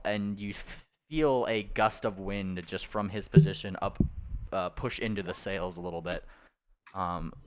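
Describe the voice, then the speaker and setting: A man narrating as game master of a tabletop game, halting often with uh and um fillers. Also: low voice, slight background noise.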